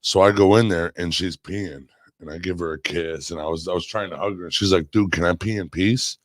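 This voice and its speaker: Male co-host, lowish voice, rowdy laughing storyteller, dry room sound. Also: steady tone, a little fast, dry recording. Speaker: podcast co-host. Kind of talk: casual banter.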